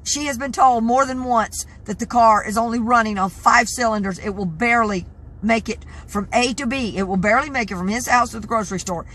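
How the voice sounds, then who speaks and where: A tired woman in her sixties talking in a casual vlog, stressed and halting, often repeating herself and restarting sentences. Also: on the high side, a bit bright. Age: 60s. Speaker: vlogger. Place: in her truck at a truck stop.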